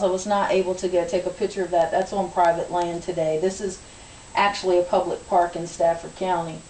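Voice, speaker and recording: A woman giving an informative class speech, measured and explanatory, with frequent ums. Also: mid-range voice, a little mellow. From Virginia. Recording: distant, echoey room with hiss.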